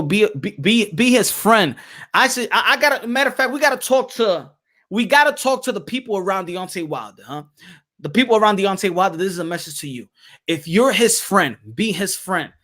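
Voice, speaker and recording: A high-voiced man delivers a boxing pep talk with a preacher's insistence. He repeats himself for emphasis. At times he rises to a shout. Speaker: boxing commentator and channel host. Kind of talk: animated monologue skit.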